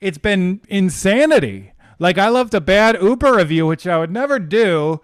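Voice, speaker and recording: Male podcast co-host, high, clean voice, dry close mic; exasperated comedic ranter. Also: expressive, normal speed, clear, resonant tone, dry recording. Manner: emphatic, exasperated, profane. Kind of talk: comedic ranting podcast chat.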